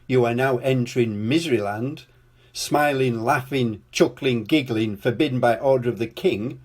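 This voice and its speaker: An older man reading a children's storybook aloud in a slow, expressive way. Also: mid-range voice.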